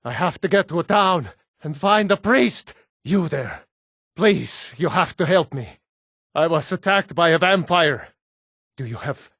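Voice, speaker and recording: An actor voicing assorted gruff adult Nord men in a fantasy video game, blunt and plain-spoken. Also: male voice, on the high side, a bit bright, no echo, studio quality, exaggerated voice. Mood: pleading. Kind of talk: game voice lines.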